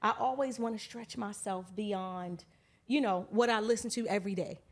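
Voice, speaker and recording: A woman in her forties from Baltimore, a songwriter talking casually as a podcast guest, affirming and quick to list things. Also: medium pitch. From Baltimore, USA. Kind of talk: casual interview chat.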